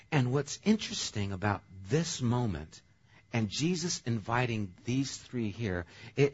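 A male pastor preaching a sermon in a conversational, animated way. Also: medium pitch, slightly rough, lo-fi sound.

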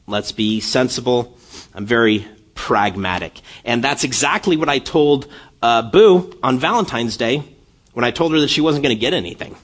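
Husky pastor, storytelling with lively swings. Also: male voice, medium pitch, moderate pace. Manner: self-deprecating storytelling, laughing often, rising to impassioned intensity. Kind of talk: sermon.

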